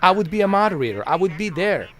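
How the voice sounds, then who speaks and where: A man on a live stream, venting at his chat in a blunt, heated and profane way. His somewhat high voice swings widely up and down as he drives his points home, often saying the same thing twice. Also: very animated, quick pace, a bit bright. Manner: repeats himself for emphasis.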